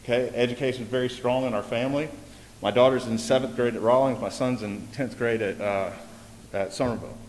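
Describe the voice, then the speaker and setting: A man's voice: mid-range voice, fairly even intonation, a little fast, a little mellow. A man, a parent, giving an earnest public comment at a school board meeting, often repeating himself as he pleads his case. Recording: echoey meeting hall, faint background hiss.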